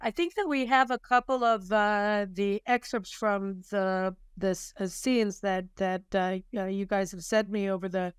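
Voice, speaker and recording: A woman hosts an interview, probing her guest with questions and quick restarts. Her mid-pitched voice is strikingly smooth and clean, recorded dry and close. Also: steady tone, no room sound. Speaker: interview host.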